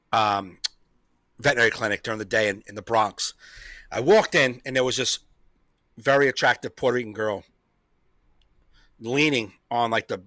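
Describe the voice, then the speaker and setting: A man's voice: medium pitch, pushed and bright, dry recording. Man, comedy podcast host, rambling casual story, laughs a lot, dry close sound. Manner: rambling, repeats himself, laughs often.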